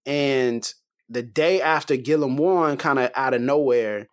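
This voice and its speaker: Man co-host, slangy, incredulous, mid pitch. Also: a little slow. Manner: incredulous, slangy, rising to high exclamations. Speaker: podcast co-host. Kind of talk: casual political discussion.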